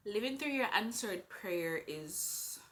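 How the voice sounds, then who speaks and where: A woman's voice: mid-range voice, a bit bright. A pregnant woman with a Jamaican accent, talking earnestly and with strong faith in a personal vlog. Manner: earnest, faith-filled, unhurried. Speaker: vlogger. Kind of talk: heartfelt personal vlog talk.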